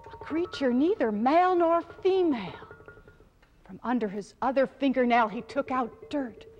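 A woman's voice: fairly high pitch, darkish tone, a little hiss or hum. A woman storyteller performing an ancient epic in a rhythmic, incantatory way, sometimes dropping to a whisper.

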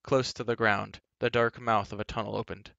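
A man reading a children's novel aloud as a storyteller, with an animated, varied delivery, on a dull lo-fi recording. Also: lowish voice, normal speed, vocal fry, dry recording.

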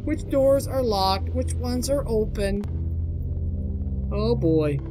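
A man doing jokey, excitable let's play commentary, exclaiming and talking to himself while playing a horror game. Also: high-pitched, takes it slowly. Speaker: gamer doing a playthrough. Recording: game music playing behind. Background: game music.

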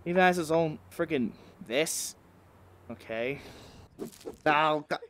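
A man playing a VR game at home, giving casual, excitable commentary through a headset microphone. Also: on the high side, slow pace, pauses often, no echo. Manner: excitable, exclaiming, joking. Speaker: gaming video creator.

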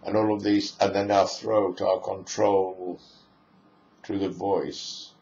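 A man's voice: low voice, level tone, slow, darkish tone, slight background noise. A man giving a spoken lecture in a musing way, piling up lists of phrases as he goes. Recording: echoey room, dull lo-fi sound.

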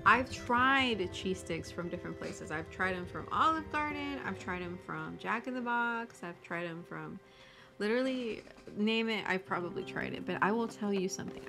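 A young woman playing a game on stream, excitable and foul-mouthed, gasping and exclaiming as she goes. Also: medium pitch, moderate pace, gravelly. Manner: excitable, swears freely, gasps and exclaims. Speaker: gaming streamer. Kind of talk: casual gameplay commentary. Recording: game music loud behind voice. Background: game music.

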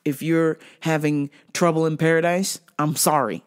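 A woman's voice: low-pitched, moderate pace, clean tone. A woman hosting a podcast, ranting profanely through a casual solo monologue and telling stories with lots of energy. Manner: profane, ranting, animated storytelling. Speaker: podcast host.

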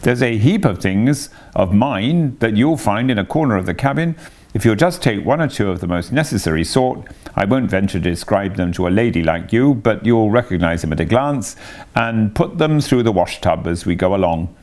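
A man's voice: fairly low pitch, expressive, normal speed, a little mellow, natural voice. A man voicing a large, hearty canal barge woman who talks in a bluff, friendly way. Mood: insistent.

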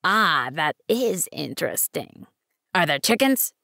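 A woman voicing a wise, patient male fox in an audiobook, speaking in a measured, earnest way. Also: lowish voice, sing-song, creaky, sharp tone, dry recording, studio quality, exaggerated voice. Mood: explaining. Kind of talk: audiobook reading.

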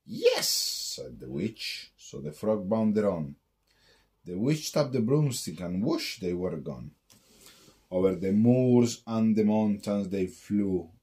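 A man's voice: fairly low pitch, lively intonation, takes it slowly, mellow. A man reading a rhyming picture book aloud at bedtime in a sing-song storytelling way.

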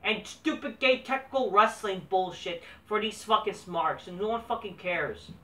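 Brief: cussing male reviewer ranting with scorn, sharp bright tone, set back from the mic. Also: high-pitched, moderate pace. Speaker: wrestling show reviewer. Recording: roomy echo, distant mic.

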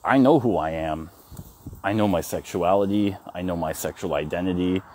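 A man's voice: low voice, moderate pace, a little mellow. A man vlogging while walking his dogs down a city street, telling a story frankly and with feeling, with swearing and restarts, into a phone he holds. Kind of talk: casual walk-and-talk vlog.

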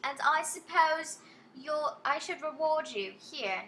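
A woman's voice: sits high, expressive, slow pace, sharp tone, reverberant, slight background noise, heavily acted. A woman voicing a lady in the fog with an attempted British accent, drawn out and lifted. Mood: storybook-polite.

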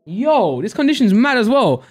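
Excitable young man live-streaming. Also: very high voice, normal speed, slightly rough, soft background music. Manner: excitable, chatty, laughs often, gives shout-outs to viewers. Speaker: live-stream host opening card packs.

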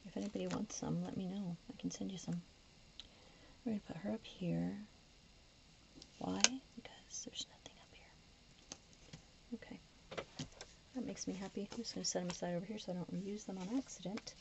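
Decorating her planner, this woman chats casually in a medium-pitched, gravelly voice that's steady but a little quick, broken by long pauses. She keeps slipping into whispers, her voice wearing thin and starting to go. It's a plan-with-me video captured on a dull, lo-fi recording with faint noise.

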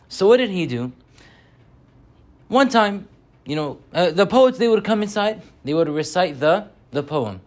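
A young man giving a Friday sermon as a story, animated and slowing down on key points. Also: on the high side.

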